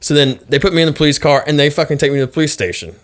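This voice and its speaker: A man telling a story as a podcast guest, in casual chat. He swears a lot, rambles with fillers and restarts, and his pitch jumps up when he quotes his own angry words. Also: very fast. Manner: profane, rambling retelling with many fillers and restarts; pitch jumps high when quoting himself in anger.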